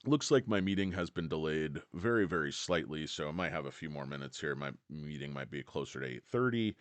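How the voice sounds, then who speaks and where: A man's voice: deep voice, lively intonation, normal speed, few pauses, smooth, dry recording. A man hosting a casual stock livestream, sarcastic, crude and rambling, a bit out of breath. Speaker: stock market livestream host.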